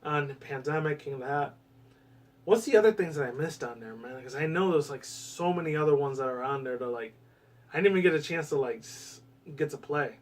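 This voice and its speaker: A man giving casual gaming commentary in a rambling way, swearing often and breaking into excited bursts, with a US West Coast accent. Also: a little high, fairly quick, distant mic.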